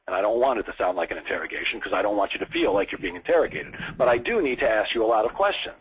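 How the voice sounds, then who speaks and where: A man coaching a salesperson in conversation, talking in an animated way and repeating his phrases. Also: fairly low pitch, very fast, husky, rough recording.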